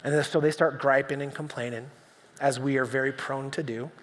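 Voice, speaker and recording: A man's voice: medium pitch, fairly even intonation, moderate pace. A man preaching a sermon on a church stage, conversational and storytelling, acting out voices with humor. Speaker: pastor. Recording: long reverb of a church hall.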